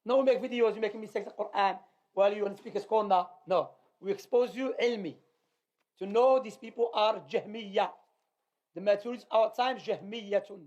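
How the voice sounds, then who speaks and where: A male teacher gives emphatic commentary on a class reading. He repeats his points and asks rhetorical questions. His voice is notably high for a man. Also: brisk, darkish tone, lo-fi sound. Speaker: teacher leading a religious class.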